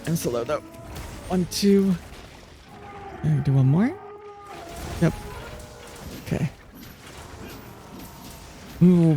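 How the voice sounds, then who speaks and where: Soothing, gravelly-voiced male streamer. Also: a little high, warm tone. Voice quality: soothing, relaxing voice. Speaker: live streamer. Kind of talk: casual chat, answering viewers while gaming.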